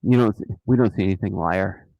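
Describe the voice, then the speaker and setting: A man hosting a casual live stream, talking in an animated, mocking way and often repeating himself. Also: low voice, fairly quick, vocal fry, no echo, muffled recording. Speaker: host of a dashcam channel live stream.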